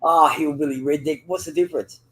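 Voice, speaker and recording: A high-pitched man chatting with a friend while gaming. He rambles, trades insults and swears in nearly every sentence, circling back through fillers as he goes. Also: fairly even intonation, brisk, fairly bright tone. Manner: profane, rambling, teasing. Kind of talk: casual banter over voice chat.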